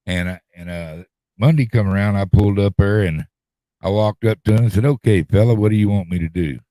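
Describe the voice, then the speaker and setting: Man, drawling storyteller, deep voice, dead dry sound. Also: brisk, warm tone, dry recording. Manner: rambling, folksy, repeats words, drawls. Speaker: podcast host telling a story. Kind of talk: casual storytelling chat.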